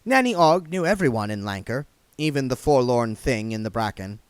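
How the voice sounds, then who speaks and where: Guy reading a novel out loud, lively up and down voice, dry close sound. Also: medium pitch, moderate pace, clear, resonant tone, no room sound. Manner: expressive, lively narration. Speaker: reader.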